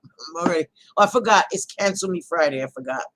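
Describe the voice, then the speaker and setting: A woman hosting a casual talk show, speaking bluntly, reacting out loud and swearing freely. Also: lowish voice, fast talker, poor audio. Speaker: host.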